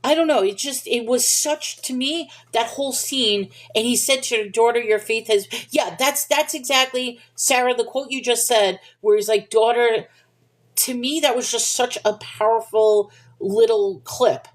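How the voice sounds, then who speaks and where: On a livestream, a woman with a slightly high voice chats casually about faith at a moderate pace. She reads viewer comments and thinks out loud, restarting sentences and letting out little laughs.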